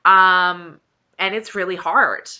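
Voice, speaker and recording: A woman's voice: lowish voice, steady tone, takes it slowly, bright, forceful tone, smooth, lo-fi sound. A woman who talks earnestly and encouragingly about her own weight-loss journey, stressing points by repeating them and sounding close to tears. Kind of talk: heartfelt personal talk to camera.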